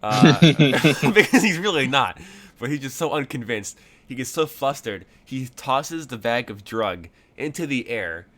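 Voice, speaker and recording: A man's voice: medium pitch, expressive, unhurried, hardly any pauses, fairly bright tone. A man narrating as game master of a tabletop game, rambling with frequent fillers and restarts.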